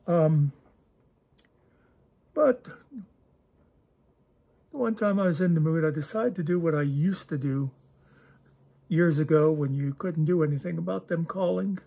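Mellow, husky man rambling wryly. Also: on the high side. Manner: digressive, wry and self-deprecating. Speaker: channel host. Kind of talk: casual rambling monologue.

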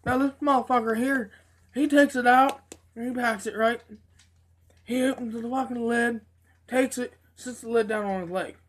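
A woman telling profane, animated stories in a casual review video. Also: a little high, moderate pace. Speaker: tobacco dip reviewer. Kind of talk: casual storytelling.

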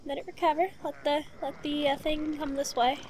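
High-voiced, excitable woman gamer. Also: moderate pace, a crowd in the background. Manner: excitable, talks back to the game, repeats pleas and commands. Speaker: let's play host. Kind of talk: casual gameplay commentary.

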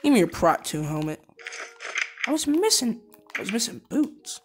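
A woman doing let's play commentary on a game, excitable and prone to shouting and laughing. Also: a little high, moderate pace, music in the background. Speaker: gameplay commentator.

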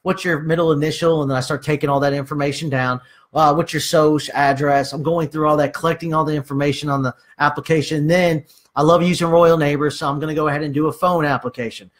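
A man's voice: on the high side, steady tone, fast talker. A man giving casual sales training, acting out conversations with clients and using many fillers.

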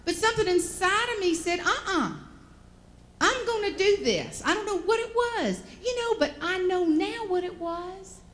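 A woman from the American South, telling folksy, animated stories as a motivational speaker and acting out the voices in them. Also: very high voice, moderate pace, few pauses. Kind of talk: storytelling keynote speech.

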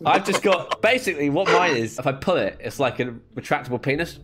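A man's voice: a little high, lively intonation, a little fast, heavy background noise. Een man in vrijblijvend gamegesprek met vrienden, die struikelt over zijn woorden en steeds wegdwaalt. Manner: rambling, stumbles over words, giggly. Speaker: gaming YouTuber. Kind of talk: casual gaming chat with friends.

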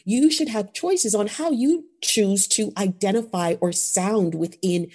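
A middle-aged woman from New York, a vocal coach, talking in an animated, emphatic way with a New York accent and repeating phrases for emphasis. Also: medium pitch, measured pace. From New York, USA. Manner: expressive, emphatic, laughs often, repeats for emphasis. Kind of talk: animated interview conversation.

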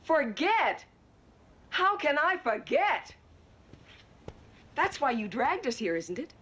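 A reproachful mother, 70s TV, higher and lively voice. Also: moderate pace, husky, heavily acted. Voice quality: sharp, reproachful. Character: worried mother fed up with the move. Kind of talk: 1970s TV drama acting.

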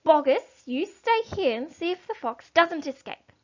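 Woman putting on a grubby deaf farmer, bossy, high and loud, slow, dull lo-fi sound. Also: sing-song. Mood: commanding. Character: dirty, deaf, bossy thin male farmer. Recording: dull lo-fi recording.

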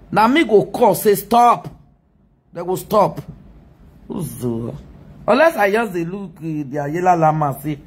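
Husky Nigerian woman ranting mockingly. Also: on the low side. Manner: mocking, scolding, laughs often. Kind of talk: live video rant.

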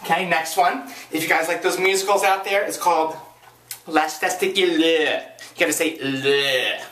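A woman talking to camera in a comedic vlog, campy and playful, her voice swooping up high for jokes. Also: steady tone, normal speed, fairly bright tone. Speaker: vlogger. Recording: echoey room, distant mic, faint hiss.

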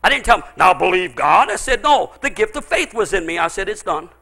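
A middle-aged man preaching a sermon in a high, strikingly bright voice. He tells his stories with a lot of up and down in his pitch, shouting out the big moments and sinking low and intense in between. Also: sing-song, a little fast, creaky. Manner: storytelling preacher, swings from loud exclaiming to low intensity. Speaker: pastor.

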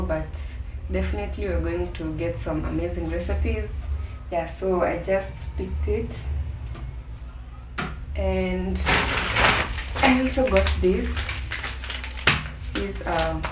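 Unhurried Kenyan woman in an echoey room. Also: lowish voice, a little hiss or hum. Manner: relaxed, lots of "yeah, so" fillers. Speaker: vlogger. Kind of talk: casual haul vlog narration. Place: home. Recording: echoey room, distant mic, faint music.

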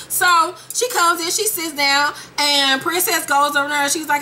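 Female gossip host, high and bright, sassy and profane, mimics the people she recaps. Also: normal speed, hardly any pauses, slight background noise. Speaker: host recapping a reality show.

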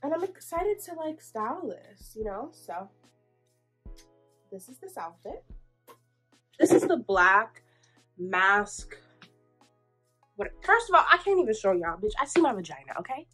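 A sassy young woman with a fairly high voice chats through a clothing try-on. She talks bluntly and playfully, calling her viewers sweetie, and sounds hot and a bit out of breath. Soft music plays faintly underneath. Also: very animated, a little slow, long pauses, breathy edge, poor audio. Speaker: fashion vlogger. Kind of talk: try-on haul chat.

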